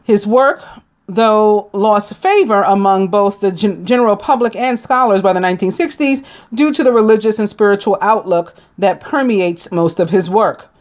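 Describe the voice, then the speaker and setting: A woman's voice: mid-range voice, normal speed. A woman with a New York accent reading a daily list of history facts as a tarot reader, stumbling on names and adding casual asides. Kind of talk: reading daily almanac notes.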